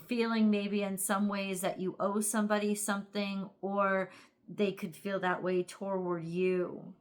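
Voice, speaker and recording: A woman's voice: medium pitch, flat delivery, measured pace. Tired woman, tarot reading, rambling, lots of fillers, casual to camera. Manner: rambling, thinking aloud with many fillers. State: tired, yawning. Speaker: tarot reader.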